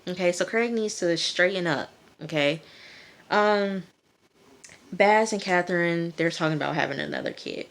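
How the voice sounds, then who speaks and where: A woman's voice: on the low side, normal speed, vocal fry. A woman casually recapping a TV episode, chatty with many fillers, talking straight to her viewers. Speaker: TV episode reviewer.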